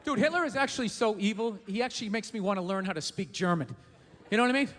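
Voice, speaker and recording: Male stand-up comic, high bright voice, ranting with shouted punchlines, live theater reverb, faint crowd. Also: animated, fast talker, slight background noise. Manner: ranting, shouting bursts, crude swearing. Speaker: stand-up comedian. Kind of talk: stand-up comedy set. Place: theater stage.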